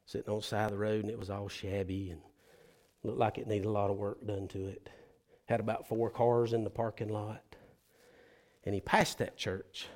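A man preaches as a pastor. He tells a story and voices the people in it. His speech moves between quiet, low stretches and sudden loud, high bursts. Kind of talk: sermon storytelling.

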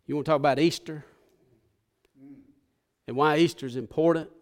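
A man delivers an impassioned sermon in a slightly higher voice. He swells into loud, rousing runs and then drops to a near hush. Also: fairly even intonation, normal speed. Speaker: pastor.

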